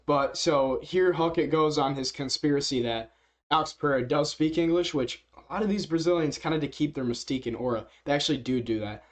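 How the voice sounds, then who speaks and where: A man's voice: a little high, a little fast. A man casually commenting as a reaction video host, rambling with many fillers and frequent chuckles. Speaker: MMA reaction youtuber.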